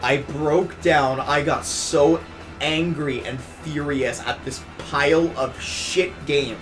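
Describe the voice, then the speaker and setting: A man's voice: fairly high pitch, steady tone, slow. A young man hosting a casual gaming podcast, ranting emotionally and swearing often. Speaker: podcast host. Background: music.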